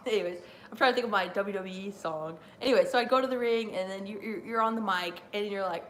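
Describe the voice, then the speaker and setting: A woman's voice: medium pitch, fairly quick, slight background noise. A young woman hosting a live stream, rambling casually with lots of fillers and frequent laughter.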